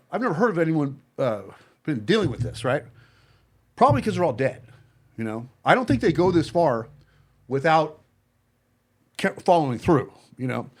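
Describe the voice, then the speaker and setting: A man telling a personal story to friends in casual talk, blunt and profane, halting often with fillers and restarts. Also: a little high. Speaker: podcast guest telling his story.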